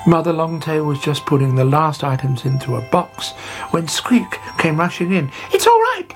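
A woman narrating a children's storybook in an expressive, gently paced way. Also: low voice, moderate pace. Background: music.

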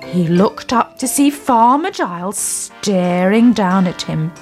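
A woman reading a children's story aloud in a slow, expressive storytelling manner. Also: medium pitch, soft background music.

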